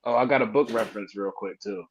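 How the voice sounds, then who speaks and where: A man's voice: lowish voice, fast, a little hiss or hum. A laid-back man in casual podcast talk, sharing references and reading passages aloud. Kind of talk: casual chat. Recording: dull lo-fi audio.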